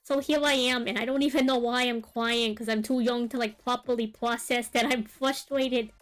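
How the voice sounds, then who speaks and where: Drawing live with faint music behind her, a young streamer speaks at normal speed in a fairly high, slightly bright voice with fairly even intonation. Her long personal story drifts casually, packed with fillers and side comments.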